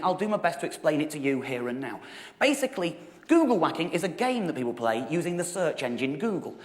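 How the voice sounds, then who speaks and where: His voice is high but darkish in tone. In his thirties, he delivers a stand-up story with wry exasperation and self-mockery, laughing frequently while the audience laughs along.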